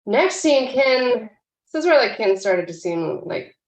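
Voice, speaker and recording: A woman's voice: fairly high pitch, sing-song, unhurried. A woman co-hosting a podcast, chattily leading a casual recap of a TV episode. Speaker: podcast co-host. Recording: echoey room.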